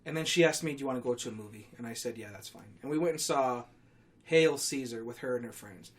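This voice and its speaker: A man's voice: medium pitch, quick pace. A young man hosting a podcast, rambling through a story with crude teasing and frequent laughs. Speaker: podcast host. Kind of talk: casual storytelling banter.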